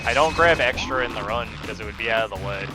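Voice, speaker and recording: A man's voice: mid-range voice, quick pace. A man chatting casually with his viewers while playing a speedrun, laughing at his own mistakes. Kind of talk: casual live-stream chat while gaming. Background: loud game music.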